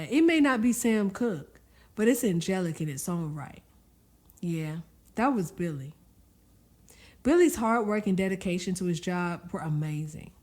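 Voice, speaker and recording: A woman narrating a story aloud, expressive and conversational, with folksy asides to the listener. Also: mid-range voice. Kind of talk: audiobook-style story narration.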